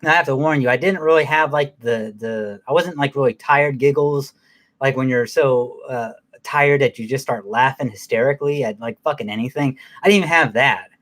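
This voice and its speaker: A man's voice: medium pitch, moderate pace, fairly bright tone. A man giving a casual, profanity-heavy movie recap in a rambling way, with many fillers and restarts. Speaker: movie reviewer.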